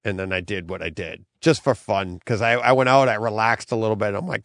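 A man's voice: lowish voice, fairly quick, hardly any pauses, fairly bright tone, no echo, studio quality. A middle-aged man hosting a podcast, rambling through a story in casual chat and acting out his own quotes. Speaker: podcast host.

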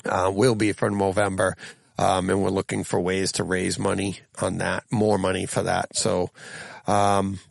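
A man with a gravelly, fry-edged voice at an ordinary pitch talks his way through listener comments for his podcast. He rambles, restarts his sentences and chuckles often. The sound is dry and close, with little room around it. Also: monotone, measured pace, no echo. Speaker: podcast host. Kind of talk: casual podcast chat reading listener comments.

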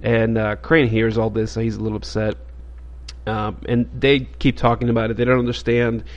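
A man's voice: lowish voice, flat delivery, moderate pace, muffled recording. A man hosting a podcast, casually retelling a comic book story in a rambling way with frequent fillers. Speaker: podcast host.

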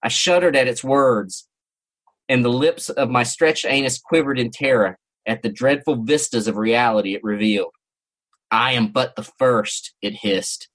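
A man's voice: mid-range voice, normal speed, a bit bright. A man hosting a podcast, giving a theatrical first-person story reading with mock-serious relish. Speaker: podcast host.

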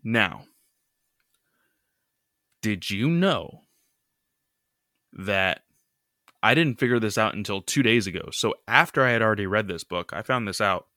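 A man chatting casually on a podcast. His voice is bright and forceful, sitting a touch low, and the sound is close and dry. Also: expressive, measured pace, long pauses, dry recording. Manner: loose, filler-heavy retelling with many "you know" and "like". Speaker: podcast co-host recapping a comic. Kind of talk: casual chat.

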